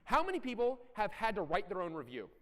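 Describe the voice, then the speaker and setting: A middle-aged man giving a conference talk, animated and blunt, with self-deprecating asides and occasional profanity. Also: sits high, quick pace. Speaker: conference speaker. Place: large conference hall. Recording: echoey hall.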